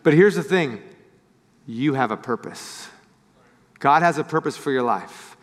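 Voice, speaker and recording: A man's voice: on the high side, a little slow. A man preaching a sermon as pastor, telling a story and acting out the people in it. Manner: storytelling, animated voices for quoted people. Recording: church hall with long reverb.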